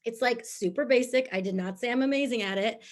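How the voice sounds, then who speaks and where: A woman's voice: fairly high pitch, fairly quick. A woman talking to her team in an upbeat, chatty way, with lots of fillers and frequent laughs. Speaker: team leader. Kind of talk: motivational group talk.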